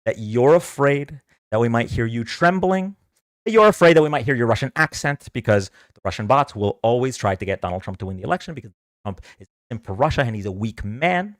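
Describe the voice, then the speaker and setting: Medium in pitch, expressive and a little fast, this man's voice has no echo. He hosts a livestream political debate, launching into a combative, sarcastic rant while daring the audience to come on and fight it out.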